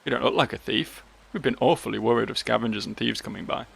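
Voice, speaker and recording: A man's voice: mid-range voice, quick pace, gravelly, fairly bright tone, slightly rough, full character voice. A man voicing a worried middle-aged village wife in a fantasy game, raising his voice for her.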